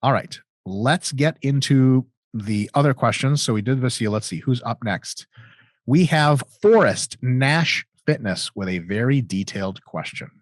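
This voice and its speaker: Lively, swearing man, dry close sound. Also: medium pitch, unhurried, no room sound. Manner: swears freely, joking, lively delivery. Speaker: co-host answering viewer questions. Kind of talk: casual profane Q&A chat.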